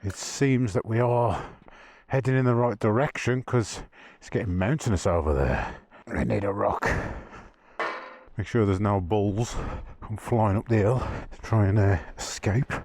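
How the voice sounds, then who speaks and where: A man riding a motorbike on rough trails, chatting to himself and the camera in a casual, self-mocking way. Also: lowish voice, a little slow, a little mellow. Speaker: motorcycle vlogger. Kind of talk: casual running commentary while riding. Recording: outdoor wind and engine noise.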